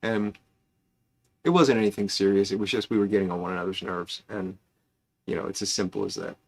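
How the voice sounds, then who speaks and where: Gravelly man hosting a casual livestream. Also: deep voice, fairly even intonation, a little fast. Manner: rambling, chatty, greets viewers by name. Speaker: host of a pipe smoking livestream.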